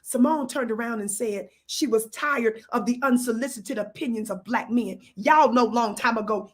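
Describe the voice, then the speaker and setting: A woman with a high voice and hosts a live stream. She talks in a preacher-like way, reads out comments from her chat and calls blessings down on her viewers. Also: moderate pace, few pauses, slightly rough. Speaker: livestream host.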